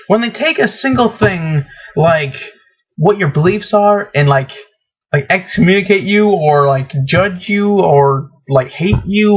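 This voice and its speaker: A man talking in a rambling, hesitant opinion monologue, full of fillers and restarts. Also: high voice. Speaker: vlogger. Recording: dull lo-fi webcam recording.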